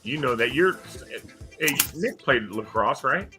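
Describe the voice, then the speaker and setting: A man's voice: a little slow, over music. An older man, a podcast host and former school coach, telling stories in casual chat and acting out the kids he quotes. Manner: animated storyteller acting out quoted kids in a higher voice.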